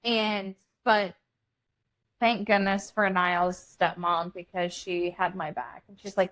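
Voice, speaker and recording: A young woman with an average-pitched voice tells a story in a relaxed podcast chat. She is blunt and lively and swears without hesitation. She keeps the story rolling between quick asides. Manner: animated, blunt, swears freely. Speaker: podcast co-host.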